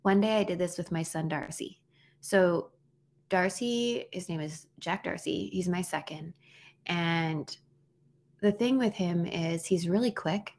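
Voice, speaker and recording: A woman in her thirties shares a story on a podcast in an earnest, conversational way. Her voice sits on the low side, and she often restarts her sentences as she goes. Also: a little slow, darkish tone. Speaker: podcast co-host. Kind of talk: casual heartfelt conversation.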